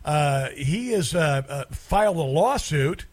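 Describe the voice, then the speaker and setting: Middle-aged male talk radio host, fairly high voice, emphatic and rambling, opinionated monologue. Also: animated, slow pace. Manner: rambling, emphatic, many fillers and restarts.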